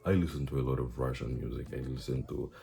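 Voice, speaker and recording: A man's voice: extremely low pitch, steady tone, fast talker, vocal fry, mellow. A young man giving casual language-learning advice in a rambling, playful way, full of fillers. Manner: rambling, chatty, many fillers; playful, teasing.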